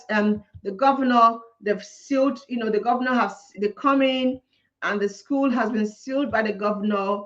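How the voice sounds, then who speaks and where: A woman's voice: fairly high pitch, a bit bright. A woman, a teacher giving indignant, impassioned commentary, ranting and repeating her points for emphasis. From Nigeria. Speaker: teacher and vlogger. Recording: dull lo-fi recording.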